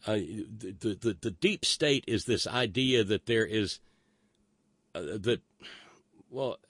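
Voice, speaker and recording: Male podcast host, deep-ish voice, sardonic and profane, rambling, dry close sound. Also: lively intonation, takes it slowly, a bit bright, husky, dry recording. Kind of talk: casual political commentary.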